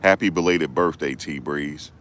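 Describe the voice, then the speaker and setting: Super deep voiced guy rambling on his stream, laid-back slang, says stuff twice. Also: moderate pace, a bit bright, a little hiss or hum. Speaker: livestreamer and rideshare driver. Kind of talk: casual live-stream chat.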